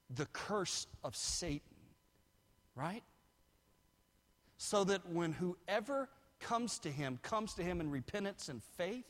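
A male pastor preaching a sermon, swinging from quiet asides to shouted peaks. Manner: builds from low asides to shouted climaxes. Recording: long hall reverb.

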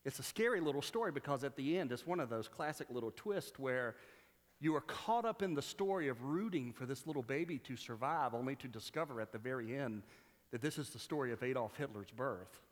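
A man preaching a sermon in a church, retelling a story with quoted dialogue and halting restarts. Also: mid-range voice, expressive, in a large hall. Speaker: pastor.

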